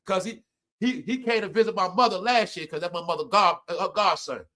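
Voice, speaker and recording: A middle-aged man hosts a casual live stream and tells stories about his family. His voice sits high for a man and sounds bright and sharp. He chuckles through his lines and swings between loud bursts and low mutters. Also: a little fast. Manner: laughs often while telling stories. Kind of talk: casual storytelling to viewers.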